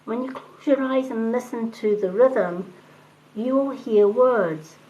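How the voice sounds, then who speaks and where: A middle-aged woman giving a gentle, chatty spiritual talk to viewers on a live stream. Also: a little high, slow, lo-fi sound. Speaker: tarot reader on a live stream.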